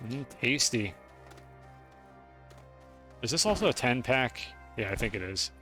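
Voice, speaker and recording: A young male streamer talking casually and profanely to his chat while he plays. His voice sits at an average pitch. He rambles, jokes and narrates what he is doing. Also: big pitch swings, fairly quick, a bit bright, faint music behind. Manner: chatty, profane, talks to chat. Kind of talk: casual game-stream commentary.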